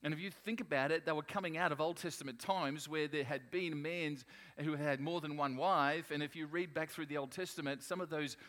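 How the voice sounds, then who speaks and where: A man preaching a sermon to his congregation, pitched a little high. He talks in an animated, emphatic way and often stops to restart his sentences. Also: fairly quick, hardly any pauses. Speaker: pastor.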